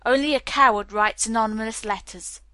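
Grumpy cop captain, short and snappy, bright tone, woman doing him. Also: fairly high pitch, normal speed, no room sound. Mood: grouchy. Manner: curt, grumbling. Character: grouchy gruff police captain, middle-aged man.

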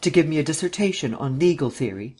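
A man's voice: on the high side, animated, fast, a little mellow, slightly rough. A man voicing a stern male district attorney who speaks coldly and indignantly. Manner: cold, clipped and indignant.

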